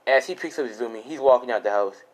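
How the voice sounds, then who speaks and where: A man's voice: medium pitch, fast talker, poor audio. A young man improvising a fan-fiction story in a loose, rambling, casual way with lots of fillers and swearing.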